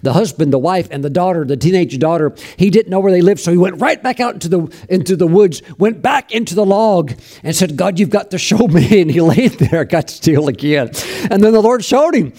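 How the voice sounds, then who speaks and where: A man's voice: sits high, lively intonation, fairly quick, warm tone. A man preaching a sermon, telling a story with fervent emphasis and bursts of praise.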